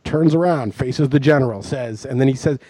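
A man's voice: mid-range voice, fairly quick, mellow, slightly rough, no room sound. A man co-hosting a podcast in casual chat, telling long, rambling, self-mocking stories. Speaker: podcast co-host.

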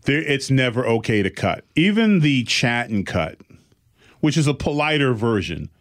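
A podcast co-host, an animated middle-aged man, tells a story in casual chat, acting out the voices he quotes. His pitch is medium and his speed normal.

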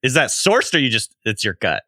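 A man co-hosting a sports podcast in a playful, teasing way, quick to laugh. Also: mid-range voice, big pitch swings, pushed and bright, no room sound, clean studio sound. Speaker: podcast co-host. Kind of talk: casual sports podcast banter.

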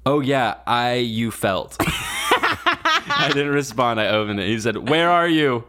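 A man's voice: mid-range voice, measured pace. Young male co-host, comic storyteller, mid voice, acts out dialogue. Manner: animated, acts out quotes, laughs often. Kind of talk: casual chat, comic storytelling.

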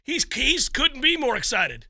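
A man's voice: very high voice, measured pace, no room sound. A man hosting a sports talk show, bantering and acting out a fan's frustration with lots of laughter. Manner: animated, laughing, acts out fan reactions. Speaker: sports radio host.

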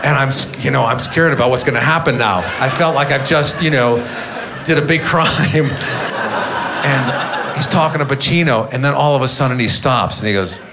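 A middle-aged man telling a stand-up story with a dry, deadpan delivery and bursts of mock defiance. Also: medium pitch, moderate pace. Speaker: stand-up comedian. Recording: live stand-up with loud crowd laughter. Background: loud audience laughter and noise.

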